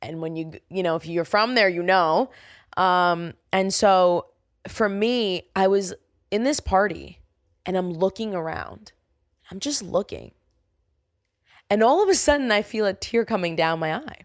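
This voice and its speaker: A woman's voice: unhurried, no room sound, studio quality. A young woman from Staten Island, talking casually on her solo podcast and acting out remembered conversations. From Staten Island, New York. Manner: chatty, acts out quoted dialogue with big pitch jumps. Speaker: podcast host.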